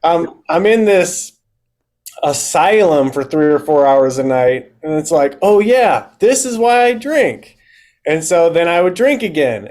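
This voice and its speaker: A man's voice: fairly high pitch, darkish tone. A man in his thirties, a podcast guest and fitness coach, telling his story in a candid, casual way and acting out his own past thoughts.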